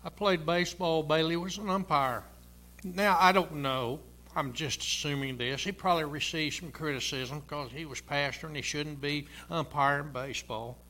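A man's voice: fairly high pitch, steady tone, normal speed, pushed and bright. A man in his sixties, a pastor preaching a sermon in a church and telling personal stories in a folksy, chuckling way. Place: church sanctuary.

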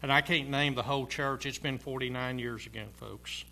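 An older man in his sixties preaches from the pulpit with a bright, forceful tone. He speaks in a folksy, personal way, chuckling now and then between memories. A faint hum sits under the church recording. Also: medium pitch, fairly even intonation, normal speed, gravelly. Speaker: pastor. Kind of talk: sermon. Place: church sanctuary.

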